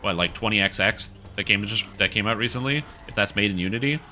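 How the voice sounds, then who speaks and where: A man's voice: on the low side, fast, pushed and bright, slight background noise. A man streaming a video game and chatting casually in a rambling way with many fillers. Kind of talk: casual gaming commentary.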